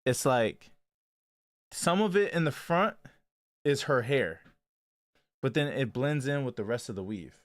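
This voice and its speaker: Lively-voiced man in casual chat. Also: medium pitch, unhurried, pauses often, no echo. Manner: loose, rambling and opinionated. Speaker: co-host reacting to a dating show clip.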